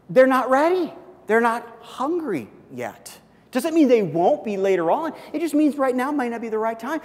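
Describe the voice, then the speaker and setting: A man preaching a sermon, animated, acting out little everyday dialogues and often repeating his words. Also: very high-pitched, normal speed. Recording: long hall reverb.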